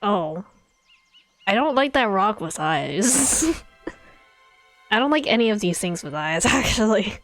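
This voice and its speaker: A woman's voice: mid-range voice, very animated, slow, long pauses, dry recording, soft background music. A woman live-streaming her reaction to a game showcase, chatty with giggly asides. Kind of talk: casual live-stream commentary.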